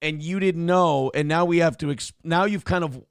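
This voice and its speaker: A man hosting a live show, reading chat donations in a loud, joking manner with sudden shouts and low asides. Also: moderate pace, clean tone, no echo, clean studio sound. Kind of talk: casual livestream chat.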